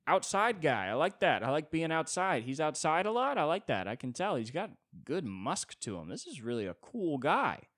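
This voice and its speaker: A man voicing an eager, friendly male dog who fires off excited, curious questions. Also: a little high, normal speed, hardly any pauses, dry recording, clean studio sound, pitched above the performer's own voice. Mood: delighted.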